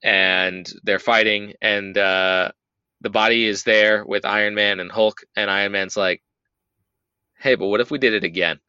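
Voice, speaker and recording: Bright, clear-voiced man recapping casually. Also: on the low side, steady tone, no room sound, lo-fi sound. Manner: rambling, profane, acts out characters in quick voices. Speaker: podcast host. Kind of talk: casual movie recap chat.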